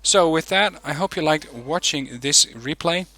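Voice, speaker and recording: A man hosting a gaming channel, giving relaxed, chatty commentary on a game replay with frequent ums. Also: fairly high pitch, unhurried.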